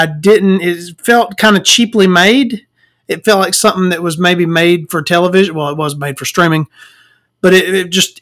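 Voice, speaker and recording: A man with a somewhat high voice hosts a casual solo podcast. He sounds tired, rambles from one thought to the next, and keeps cracking jokes between his ums and uhs. He talks into a desk microphone in a small dark room at home. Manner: rambling and joking, with many fillers. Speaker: podcast host.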